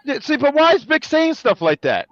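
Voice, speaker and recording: Lively high-voiced joking man. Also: moderate pace, no room sound, muffled recording. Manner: animated, joking, self-correcting. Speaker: co-host. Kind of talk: casual review chat.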